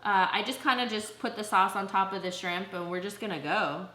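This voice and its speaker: A woman's voice: medium pitch, brisk, pushed and bright, a little hiss or hum. A young woman hosting a casual food vlog at home, chatty and upbeat with lots of fillers. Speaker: YouTube vlogger host. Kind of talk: casual mukbang vlog chat. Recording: echoey room.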